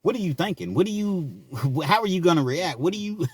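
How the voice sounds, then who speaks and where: A middle-aged man casually telling a personal story, laughing often and swinging between loud bursts and quiet asides. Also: sits high, lively intonation, fairly quick, slightly rough, no room sound. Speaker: storyteller vlogger.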